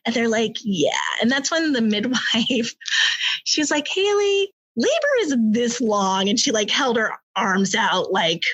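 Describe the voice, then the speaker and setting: A woman in her thirties with an American accent tells her birth story in an animated, chatty way. Her voice sits a little high. She fills her talk with fillers and acts out what people said, often with a laugh. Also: measured pace, breathy edge. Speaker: podcast guest telling her birth story. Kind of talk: casual storytelling chat.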